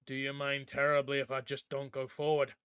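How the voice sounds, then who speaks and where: A man's voice: mid-range voice, completely flat delivery, a little fast, a bit bright, clean tone, dry recording, clean studio sound, close to an everyday voice. A man voicing a polite, scarred male merfolk captain in an audiobook, politely pleading.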